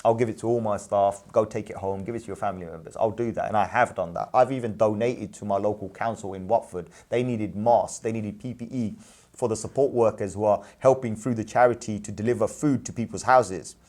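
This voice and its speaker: A man's voice: lowish voice, fairly quick. A man who runs a business, talking casually with a friend and pressing his points hard with rhetorical questions. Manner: animated, emphatic, repeats points with rhetorical questions. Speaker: businessman and parent, show host. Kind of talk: casual discussion.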